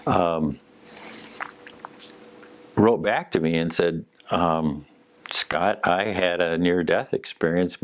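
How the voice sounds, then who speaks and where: Brief: low-voiced male podcast host, slow and easygoing storyteller, pausing with ums. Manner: unhurried, conversational with frequent um fillers. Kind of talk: personal storytelling.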